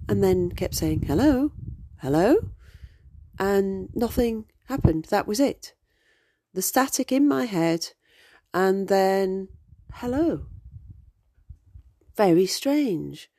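A woman's voice: fairly low pitch, mellow, no room sound, clean studio sound. A woman in her forties, a podcast host telling stories in a chatty, digressive way with many ums. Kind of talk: casual storytelling.

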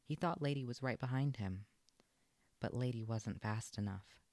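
A man's voice: medium pitch, moderate pace, dry recording. Man reading a storybook aloud. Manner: expressive, storytelling lilt. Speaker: narrator. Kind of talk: storybook read-aloud narration.

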